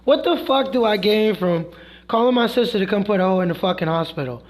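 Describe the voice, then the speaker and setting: A man's voice: high voice, animated, a little fast. A frustrated male streamer telling a heated, profane story, acting out both sides of an argument in quoted voices.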